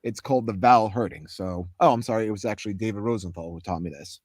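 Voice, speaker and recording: A man, a voice actor, chatting casually and animatedly about his craft and demonstrating warm-ups, his voice a little sore. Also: on the low side, quick pace, dry recording, studio quality. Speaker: voice actor guest. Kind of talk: casual chat explaining voice acting.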